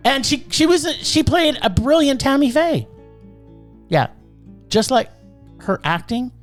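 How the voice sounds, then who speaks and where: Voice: high-pitched, unhurried, long pauses, soft background music. A podcast co-host giving a sarcastic, ranting movie review in casual chat. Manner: animated, sarcastic ranting critique.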